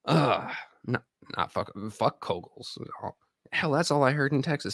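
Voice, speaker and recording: A man's voice: mid-range voice, sing-song, a little slow, gravelly, pushed and bright, dry recording, clean studio sound. A man in his thirties, an army veteran hosting a live stream, rambling and profane as he chats straight to viewers. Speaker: livestream host and army veteran. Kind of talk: casual live-stream chat.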